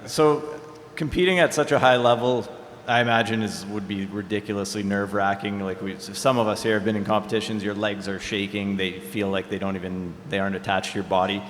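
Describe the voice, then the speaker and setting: A man hosting a Q&A at a skate event, reading out audience questions in a relaxed, joking way. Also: on the low side, a little fast, slight background noise. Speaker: Q&A host. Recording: echoey hall, faint ambience.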